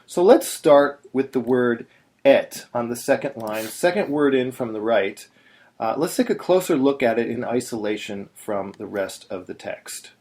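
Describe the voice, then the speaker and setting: A man's voice: mid-range voice, expressive, a little slow, darkish tone. A man teaching in a patient, explanatory way, now and then breaking into short sung syllables. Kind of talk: screen-recorded tutorial.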